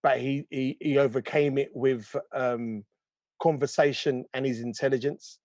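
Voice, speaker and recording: A man co-hosting a casual chat, answering thoughtfully with pauses. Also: medium pitch, fairly even intonation, a little mellow, no room sound, dull audio. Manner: thoughtful, pausing with ums. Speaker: co-host.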